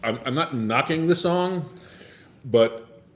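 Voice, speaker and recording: A man's voice: a little high, animated, slow. A man co-hosting a podcast in casual chat, often restarting words and joking. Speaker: podcast co-host.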